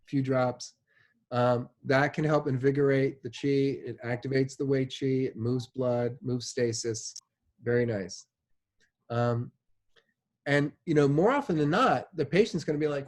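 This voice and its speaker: A man's voice: mid-range voice, unhurried, darkish tone. A man giving a classroom lecture in a casual, chatty way, often checking in with "right?" and using many fillers like "like" and "you know". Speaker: instructor.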